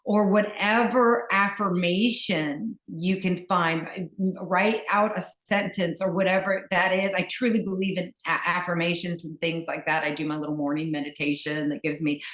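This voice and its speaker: A woman's voice: on the low side, fairly even intonation, normal speed, hardly any pauses, a bit bright. Woman, breathwork teacher, gushing, chatty, echoey room. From Virginia, US. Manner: enthusiastic, gushing, with many fillers and restarts. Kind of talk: casual conversation.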